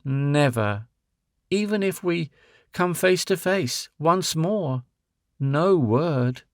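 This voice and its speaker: A man voicing a grown woman who is tender, sorrowful and resolute, speaking with soft pleading. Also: fairly high pitch, expressive, very slow, dry recording, clean studio sound, heavily acted.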